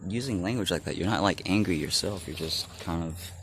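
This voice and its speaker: Deep-voiced man, rambling vlog chat, laughs a lot, steady background noise. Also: brisk. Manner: rambling, filler-heavy, laughs often, drifts between loud and murmured. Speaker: vlogger.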